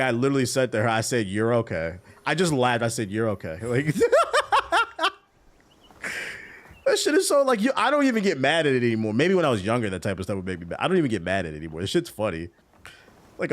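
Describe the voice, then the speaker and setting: A man streaming a game while telling a story casually, animated, swearing and laughing a lot. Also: mid-range voice. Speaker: gaming streamer.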